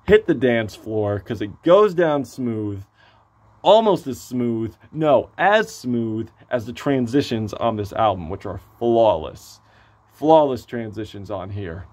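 A man with a hoarse voice giving a casual, excitable album review, gushing and swearing freely. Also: mid-range voice, takes it slowly.

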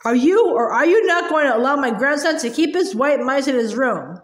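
A woman's voice: high voice, expressive, normal speed. Fierce scolding old grandmother, read by a woman. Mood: indignant. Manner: indignant, relentless. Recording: roomy echo.

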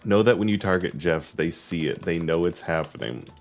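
A man's voice: deep voice, moderate pace, faint music behind. A man chatting casually while playing a game, swearing and laughing, at times reading a long rambling story aloud. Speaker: podcast host playing Tetris. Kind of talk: casual chat while gaming.

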